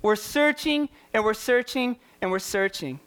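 A man's voice: sits high, expressive, measured pace, a bit bright, clear, resonant tone. A man preaching a sermon as a youth pastor, impassioned and repetitive, firing rhetorical questions at his listeners.

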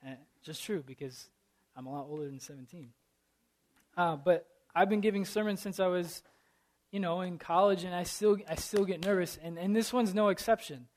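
A man in his thirties who prays and then opens a sermon, earnest and halting, with many fillers and a self-deprecating humor. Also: high voice, steady tone. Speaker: preacher. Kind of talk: prayer and sermon opening.

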